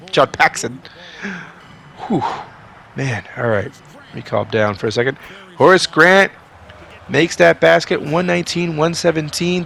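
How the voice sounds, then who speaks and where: A man doing play-by-play for a basketball video game simulation, swinging from calm asides to excited outbursts, a bit sick. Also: on the high side, gravelly, a little hiss or hum. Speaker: video game sim commentator. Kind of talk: play-by-play commentary.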